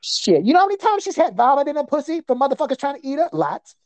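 On a comedy podcast, a female guest delivers a crude, profane roast in a mocking voice, breaking into nonsense singsong chants. She sounds high and very animated, talks quickly, and the audio is very noisy.

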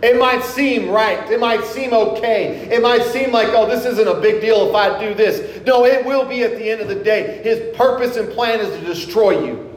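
High-voiced preacher in an echoey hall. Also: male voice, slight background noise. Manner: earnest preaching, slows down for scripture quotes. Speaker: pastor. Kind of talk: sermon. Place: church sanctuary. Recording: echoey hall, mic in room.

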